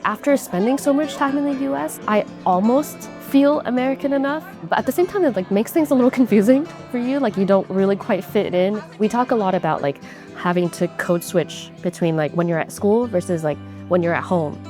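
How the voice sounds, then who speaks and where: A young woman from Taiwan in her twenties, speaking wistfully in an interview, often pausing on 'like'. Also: medium pitch, soft background music. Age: 20s. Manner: wistful, soft-spoken, frequent 'like'. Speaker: international student. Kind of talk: interview testimony.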